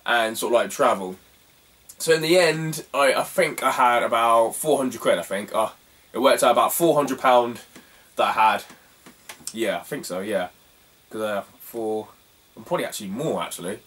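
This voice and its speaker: A man's voice: mid-range voice, fairly bright tone, far from the mic. A young man chatting casually about his retro game finds, rambling with lots of fillers and frequent laughter. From England. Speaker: retro game collector vlogger. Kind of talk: casual chat.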